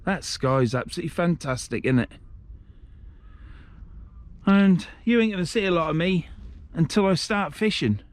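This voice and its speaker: A middle-aged man, filming himself outdoors on a riverside shore. His voice sits a little high, and he rambles and grumbles bluntly, swearing as he goes. Casual, unscripted vlog talk into a handheld camera. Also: animated, normal speed, long pauses, no echo. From England. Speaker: fishing vlogger.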